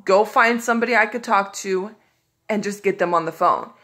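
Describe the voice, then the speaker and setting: A woman's voice: mid-range voice, moderate pace, pushed and bright. A woman vlogging in a casual storytelling style, recounting a run of phone calls with frustration and exasperation. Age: adult.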